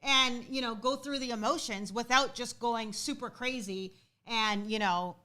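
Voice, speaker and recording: Chatty, bright-voiced woman co-host. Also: fairly high pitch, unhurried. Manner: chatty, laughing, backs the host up. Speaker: podcast co-host. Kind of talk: casual live-stream chat.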